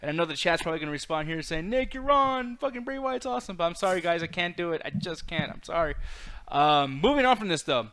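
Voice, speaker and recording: A man's voice: a little high, fast talker, fairly bright tone, clear, resonant tone. A man co-hosting a casual pop-culture podcast, emphatic and swearing freely, reading chat comments aloud. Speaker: podcast co-host.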